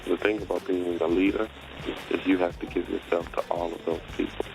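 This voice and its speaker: A rapper guesting on a radio interview, speaking bluntly and emphatically with a defiant streak. His voice sits low, with quiet music playing underneath. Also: little pitch movement, fairly quick, gravelly, poor audio.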